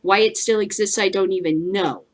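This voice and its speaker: A woman's voice: medium pitch, normal speed. A woman hosting a casual commentary show, ranting bluntly with lots of swearing and frequent laughter. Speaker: host.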